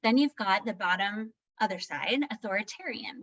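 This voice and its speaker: A woman's voice: medium pitch, moderate pace, fairly bright tone, breathy edge. Woman presenter chatty, with muffled sound. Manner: conversational, tags points with "right?"; candid and self-deprecating. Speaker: parenting workshop presenter. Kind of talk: live presentation.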